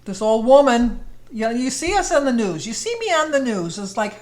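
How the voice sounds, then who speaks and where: A woman's voice: fairly high pitch, very animated, moderate pace, darkish tone. An older woman vlogger telling a rambling, exasperated story in a casual chat to camera. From United States. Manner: chatty, exasperated, rambling with restarts.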